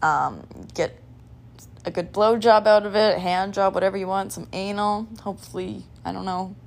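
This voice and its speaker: A woman's voice: medium pitch, steady tone, normal speed, vocal fry, darkish tone. Chatty young woman rambling on a podcast. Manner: scattered, chatty, lots of "like" and "um". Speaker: podcast host. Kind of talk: casual rambling monologue.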